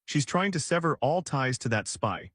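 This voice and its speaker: A man's voice: mid-range voice, animated, moderate pace, a bit bright, dry recording, clean studio sound. A man voicing a shameless, money-hungry young mage with a mocking tone. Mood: scheming. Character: scheming greedy young male mage.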